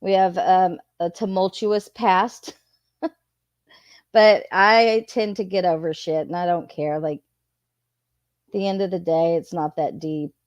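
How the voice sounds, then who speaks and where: A woman's voice: fairly low pitch, fairly even intonation, slow, pauses often, no room sound, highs cut off. A woman chatting casually as a streamer, laughing often and swearing freely. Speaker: streamer reviewing a video. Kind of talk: casual commentary.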